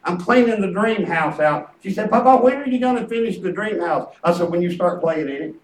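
Older preacher, high and echoey. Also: male voice, lively intonation, a little fast, a little hiss or hum. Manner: storytelling, chuckling, quoting family in character. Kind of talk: folksy sermon with stories. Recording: echoey room picked up from a distance.

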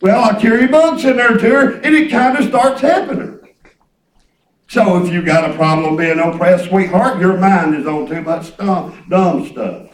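A male preacher with a high voice delivers his message conversationally at normal speed, folksy and rambling, repeating words as he goes. He sits back from the mic, so he sounds distant, and the room rings with echo.

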